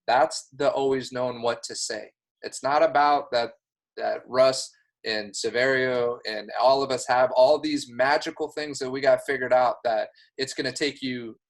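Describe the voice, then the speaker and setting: A man with a middle-range voice coaches a newcomer through sales call technique. He talks in an earnest, emphatic way and keeps encouraging the listener. It is plain, practical instruction. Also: mid-range voice. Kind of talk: coaching talk.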